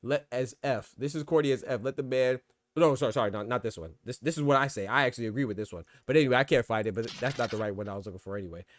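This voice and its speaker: A man's voice: medium pitch, rapid-fire, a little hiss or hum. A man hosting a podcast in casual, slangy commentary, reacting to his live chat as he goes. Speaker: boxing podcast host.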